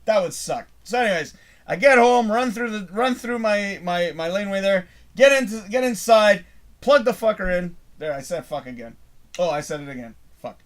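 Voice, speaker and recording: Rambling, animated man host swearing freely. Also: high voice, normal speed. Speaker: live show host. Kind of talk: casual live-stream storytelling.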